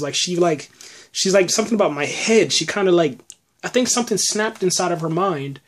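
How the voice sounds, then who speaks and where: A man hosting a casual podcast episode review, rambling in an animated way with lots of restarts. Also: sits high. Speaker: podcast host.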